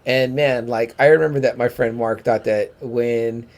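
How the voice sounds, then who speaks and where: Gravelly-voiced man chatting casually. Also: medium pitch, steady tone, moderate pace, darkish tone. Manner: rambling, full of fillers and restarts. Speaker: podcast co-host. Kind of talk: casual chat.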